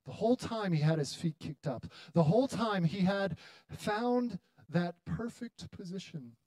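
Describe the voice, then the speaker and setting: Man preaching a sermon, pitched a bit high. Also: a little mellow, dry recording. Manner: preaching with rising intensity and dramatic pauses. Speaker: pastor. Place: church hall.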